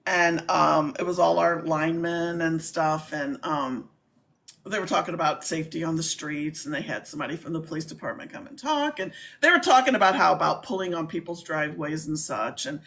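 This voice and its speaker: A woman's voice: sits low, brisk, vocal fry, fairly bright tone. A woman hosting a casual livestream chat, talking in a chatty way and laughing easily. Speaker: livestream host.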